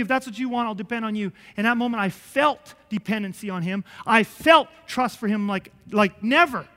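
A man preaching a sermon as pastor, telling a personal story with sudden swings from hushed to loud. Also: very high-pitched, animated, a little fast, hardly any pauses. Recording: church hall reverb.

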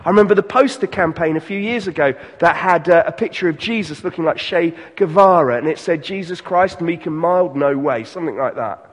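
A pastor giving an earnest sermon, slowing and softening on key lines. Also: male voice, on the high side, big-room sound.

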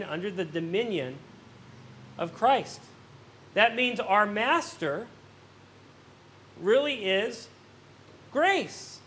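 Earnest pastor guy preaching, really high voice, repeats words and restarts a lot. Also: slight background noise. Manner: rises and swells on emphatic questions, drops soft on somber points. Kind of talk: sermon.

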